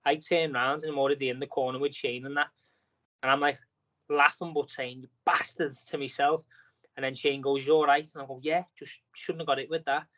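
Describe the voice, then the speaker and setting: A man's voice: mid-range voice, level tone, a little fast, fairly bright tone, low-quality recording. A man, a boxer appearing as a guest, talking casually on a podcast and telling a long story packed with fillers and restarts. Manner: rambling storytelling with many fillers.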